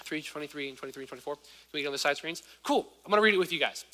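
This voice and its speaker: Bright young preacher with a lisp. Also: male voice, on the high side, racing. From Southern Virginia, US. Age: 20s. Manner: energetic, swings from loud exhortation to quiet personal asides. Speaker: youth preacher. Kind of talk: sermon. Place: church sanctuary. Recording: long hall reverb.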